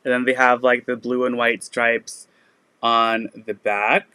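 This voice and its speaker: A man hosts a casual live sale stream, chatting easily with plenty of "um" and "like" as he goes. His voice is bright and smooth, recorded close and dry with no room echo. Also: mid-range voice, flat delivery, measured pace. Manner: chatty, lots of "like" and "um" fillers. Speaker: online resale seller.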